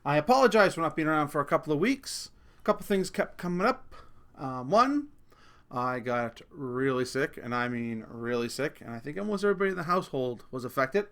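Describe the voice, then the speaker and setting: A man's voice: on the high side, sing-song, brisk, fairly bright tone. A man hosting his own casual rant video from home, rambling and correcting himself as he tells crude, jokey stories. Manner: rambling, self-correcting storyteller, crude humor.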